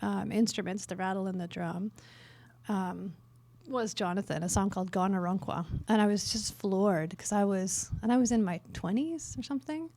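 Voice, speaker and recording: A woman's voice: mid-range voice, moderate pace. Middle-aged Canadian woman telling stories. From northern Canada. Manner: lively, self-mocking humor, many fillers. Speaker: workshop speaker on worship. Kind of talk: storytelling in a conference talk. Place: conference workshop room.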